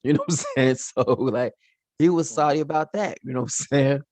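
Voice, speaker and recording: A man's voice: mid-range voice, fairly even intonation, a little fast, a little mellow, no echo. A man teaching from the Bible in an informal, slangy way, acting out the characters' lines as he retells the stories.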